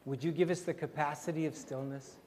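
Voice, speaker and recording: Gentle older pastor, echoey hall. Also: male voice, a little high, fairly even intonation, a little hiss or hum. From Canada. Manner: gentle, unhurried, repeating phrases, often dropping very soft. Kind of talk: sermon and prayer. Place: church sanctuary. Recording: long hall reverb, faint ambience.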